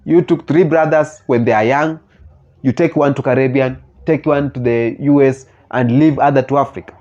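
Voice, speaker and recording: A man with a Kenyan accent hosting his own channel, talking earnestly in halting phrases and often restarting mid-sentence as he reacts to comments. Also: medium pitch, steady tone, darkish tone. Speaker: channel host. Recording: slightly muffled lo-fi recording.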